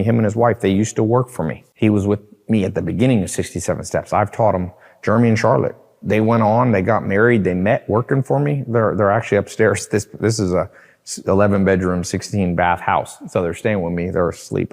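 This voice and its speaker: A man delivering an emphatic, persuasive sales pitch, repeating phrases for emphasis and addressing the listener directly. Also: gravelly, a little mellow, long reverb tail. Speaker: online course marketer. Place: large house at night.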